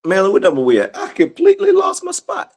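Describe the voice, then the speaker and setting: A man's voice: sits high, huge pitch swings, quick pace. A man leading a casual Bible study. He reads verses aloud and talks straight to his audience. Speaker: scripture study teacher.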